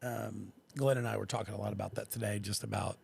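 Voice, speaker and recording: A man's voice: on the low side, fast, gravelly, slightly rough. A man who works at a car dealership, chatting casually on a podcast and telling stories with acted-out quotes. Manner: animated storyteller who acts out quotes.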